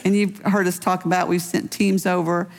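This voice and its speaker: Gravelly-voiced woman pastor in a reverberant hall. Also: lowish voice, little pitch movement, normal speed, a little mellow. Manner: personal storytelling with light laughs. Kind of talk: conversational sermon.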